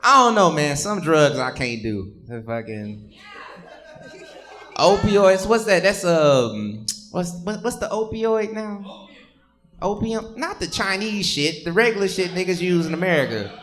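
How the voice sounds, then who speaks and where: A man's voice: high voice, sing-song, unhurried, a bit bright. A man doing profane stand-up crowd work on a comedy stage, teasing audience members.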